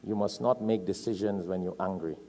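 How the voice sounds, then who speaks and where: A man's voice: low-pitched, brisk. A man from Trinidad preaching a sermon, telling stories with emphatic repetition. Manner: animated storytelling, emphatic repetition. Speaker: Islamic preacher.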